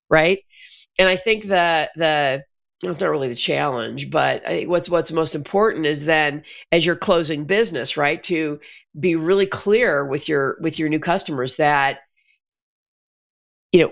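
A podcast host with a gravelly, creaky voice at a middle pitch. They chat casually and agreeably, often checking in with "right?". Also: normal speed, a bit bright.

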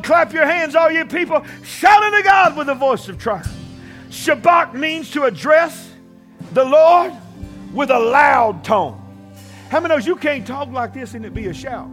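A male pastor preaching a sermon, often shouting and leading call-and-response with the congregation. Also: extremely high pitch. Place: church.

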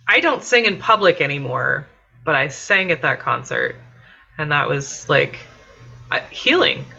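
A woman's voice: deep voice, sing-song, measured pace, gravelly, pushed and bright, breathy edge, highs cut off, soft background music. A woman chatting casually on a podcast, talking with lots of fillers and laughing often. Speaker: podcast guest.

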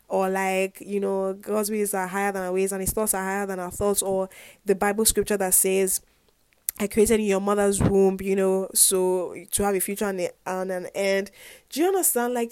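A young woman in her twenties speaks in a mid-range, slightly mellow voice with no echo. A university student, she rambles earnestly and reflectively about her faith in a casual confessional vlog, leaning on "like" and "whatnot."

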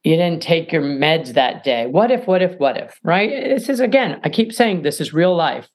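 Lively low-voiced woman explaining. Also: normal speed. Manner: animated, emphatic, acts out little dialogues. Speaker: guest, author and mediator. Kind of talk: podcast interview.

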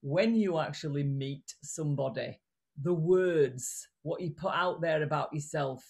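A woman's voice: deep voice, unhurried. A woman with a regional British accent, a communication coach speaking as a guest in a casual interview over a video call, blunt and chatty. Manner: animated, blunt, chatty with restarts.

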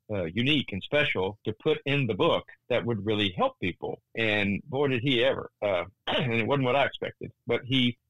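A man in his sixties, a Christian author, telling a story earnestly in an interview, often restarting his sentences and rising in pitch at tense moments. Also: a bit bright, dry recording, poor audio.

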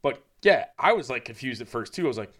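A man's voice: mid-range voice, sing-song, quick pace, a bit bright. A man in casual chat telling a story loosely, full of fillers like "like".

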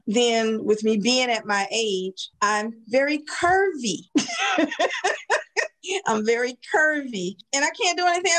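A woman in her fifties, a guest speaking frankly in a conversational interview, with lots of folksy sayings, restarts and easy laughter. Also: mid-range voice.

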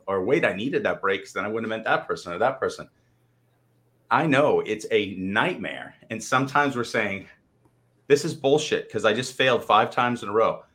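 A man co-hosting a live chat show, a motivational speaker telling animated stories and swearing freely. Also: lowish voice. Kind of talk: casual livestream chat.

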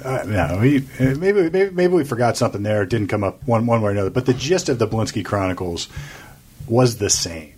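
A man's voice: lowish voice, animated, brisk, darkish tone, a little hiss or hum. A man hosting a podcast in casual chat from his office conference room, easygoing and chatty. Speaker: podcast host.

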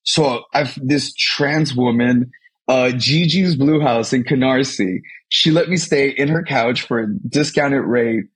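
A man's voice: a little slow, slightly rough. A man from Mexico, a guest in an interview, telling his own story animatedly with many restarts. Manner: animated, tumbling restarts, swings high when excited.

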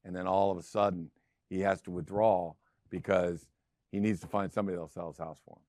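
A man's voice: low-pitched, level tone, fairly quick, mellow, no echo, studio quality. A middle-aged man hosting a real estate show, talking casually and driving his points home with emphatic repetition. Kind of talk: casual talk show monologue.

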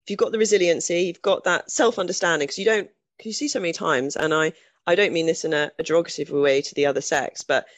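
A woman's voice: lowish voice, steady tone, fast, no echo. A woman guest speaking candidly in a conversational interview, chatty and self-deprecating, restarting her sentences often.

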